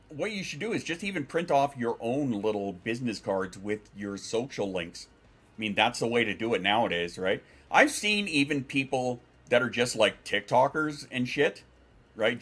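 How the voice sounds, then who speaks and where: A man's voice: medium pitch, fairly bright tone, slightly rough. A man chatting casually on a livestream, reading chat aloud and replying in a rambling, profane way with frequent restarts. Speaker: streamer.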